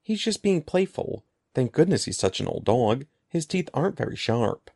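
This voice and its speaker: A man voicing a panicked twelve-year-old boy in a storybook reading, pleading in a shrill, frantic way. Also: sing-song, normal speed, gravelly, a little mellow, slightly rough, exaggerated voice. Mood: self-soothing. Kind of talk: storybook character voice.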